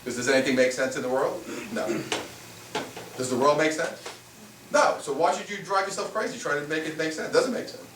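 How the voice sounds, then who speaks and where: A spiritual teacher leads a live seminar conversationally, firing rhetorical questions at the room. His voice is on the high side with a fairly bright tone, and he speaks briskly. The room is echoey, he's far from the mic, and there's faint hiss.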